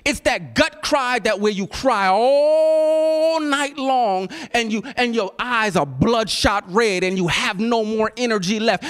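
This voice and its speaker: A man preaching a sermon, swinging between shouted peaks and hushed whispers and repeating words for emphasis. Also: high voice, measured pace, few pauses. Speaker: pastor.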